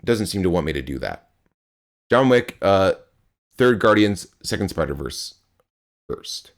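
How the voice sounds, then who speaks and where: Chatty young male streamer, lively pitch. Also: a little slow. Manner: chatty, rambling, reads chat aloud, playful grunts. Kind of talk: live game stream chat.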